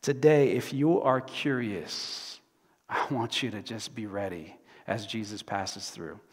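A male pastor preaching a sermon dramatically, swinging from loud to hushed. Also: fairly low pitch, slow pace. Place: church sanctuary. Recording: reverberant church sanctuary.

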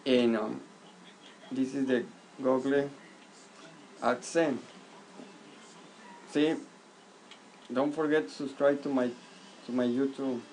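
Gravelly man walking through a tutorial. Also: medium pitch, fairly even intonation, darkish tone, poor audio. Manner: halting, repeats words, simple direct instructions. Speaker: YouTuber giving a tutorial. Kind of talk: casual screen-recorded walkthrough. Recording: faint background noise.

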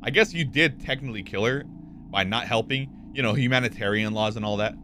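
A man's voice: mid-range voice, brisk, noisy background. A young man doing live, joking gameplay commentary as a streamer, swearing casually. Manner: animated, swears casually, jokes.

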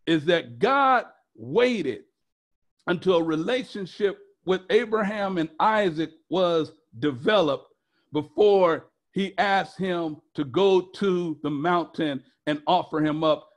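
A male pastor delivering a sermon with a notably high-pitched voice. He preaches emphatically, repeating key phrases again and again and drawing the congregation in with fill-in-the-blank questions. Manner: repetitive, emphatic preaching with call-and-response questions.

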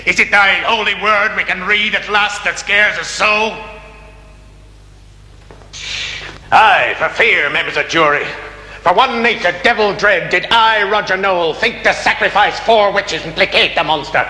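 An actor playing a stern county magistrate who speaks to a jury in a declamatory, questioning manner, from a 1970s television drama. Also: male voice, sits high, normal speed, sharp tone. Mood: impassioned. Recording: echoey reverberant old film sound.

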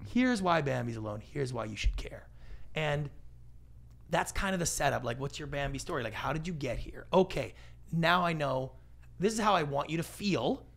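A middle-aged man talking casually as a podcast guest, animated and acting out what other people say. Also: fairly high pitch, moderate pace, vocal fry. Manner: animated, acts out quoted voices. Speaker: guest, pitch expert. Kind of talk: podcast interview.

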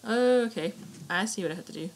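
A woman's voice: mid-range voice, brisk. A woman giving casual let's-play commentary, chatty and muttering to herself with mild swearing. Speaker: gaming channel host. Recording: steady clicking noise behind.

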